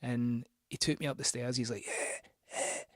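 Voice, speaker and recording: A man's voice: medium pitch, fairly even intonation, a little fast, a little mellow, dry recording, studio quality. A man hosting a record show, telling a rambling, sweary, self-mocking anecdote between records. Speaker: radio host spinning records.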